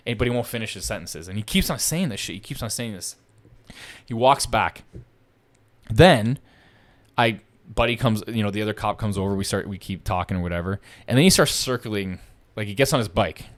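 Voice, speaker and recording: A man's voice: on the low side, fairly quick. A man casually telling a long story on a podcast, swearing a lot and repeating himself as he goes. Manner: profane, animated, repeats himself.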